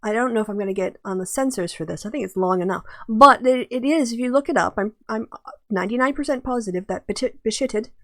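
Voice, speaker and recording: A woman's voice: on the high side, fast, no echo, clean studio sound. A woman hosting a casual video commentary, chatty and often breaking into laughter. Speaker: host.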